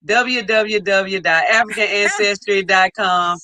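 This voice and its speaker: A woman's voice: mid-range voice, fairly even intonation, measured pace, bright, forceful tone. A woman co-hosting a casual livestream, enthusiastically reading out viewer comments. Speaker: livestream co-host.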